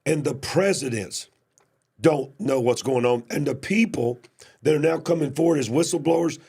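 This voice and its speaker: Male host, raspy and gravelly, emphatic commentary, nursing a cough. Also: a little high, normal speed. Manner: emphatic, builds to shouted questions. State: coughing, cough drops in mouth. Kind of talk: casual political commentary.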